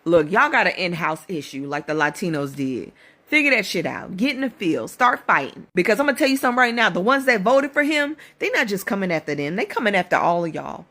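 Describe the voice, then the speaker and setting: A woman's voice: mid-range voice, sing-song, fairly quick, pushed and bright. A woman delivering a blunt, profane, scolding rant in a casual video. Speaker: social media commenter.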